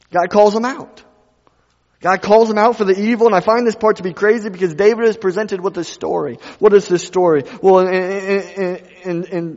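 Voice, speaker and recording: Guy preaching a sermon, kinda high voice, gets quiet then loud, repeats himself, long hall echo, dull sound. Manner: swings from quiet to loud, repeats phrases for emphasis. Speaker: pastor.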